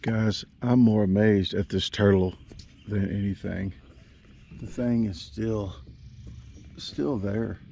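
Man, low gravelly voice, jokey outdoor fishing vlogger, action cam audio. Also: fairly even intonation, slow pace, long pauses, warm tone, slight background noise. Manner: rambling, joking, talks straight to the camera. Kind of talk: casual fishing vlog chat. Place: small boat on a lake outdoors. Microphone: action camera.

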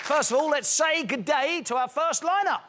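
A man's voice: extremely high pitch, normal speed, over a noisy crowd. A man hosting a game show in a TV studio with a live audience, bouncy and playful. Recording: loud studio audience and music. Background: audience cheering, music.

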